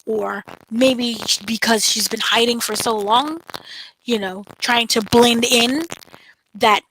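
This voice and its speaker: A woman co-hosting a casual spoiler recap, retelling scenes in an animated way with playful voices. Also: fairly high pitch, slow pace, noisy background. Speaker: entertainment editor, co-host.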